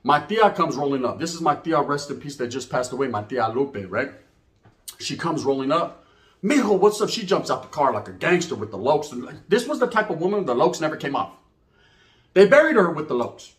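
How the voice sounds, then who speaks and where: A Californian man with a fairly high, brisk voice tells a funny street story packed with heavy Chicano slang. He's animated and acts out every character's voice, sounding out of breath.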